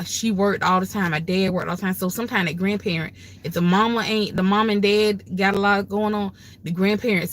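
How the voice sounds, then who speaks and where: An older woman hosting a casual livestream, talking in a folksy, exhorting way at a mid pitch. She preaches her advice with emphasis, like a grandmother setting people straight. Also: slight background noise. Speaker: livestream host.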